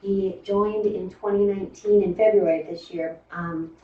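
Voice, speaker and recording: A woman's voice: medium pitch, fairly even intonation, moderate pace. Lady introducing the guest speaker, jokey asides, sounds far off and muffled. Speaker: seminar host introducing the speaker. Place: seminar room. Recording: roomy lecture hall from far off, dull.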